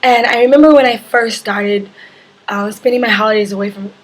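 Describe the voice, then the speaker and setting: A hoarse young woman, husky from allergies, chatting casually as a travel vlogger telling a story-time tale, rambling with lots of fillers. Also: a little high, a little fast, poor audio.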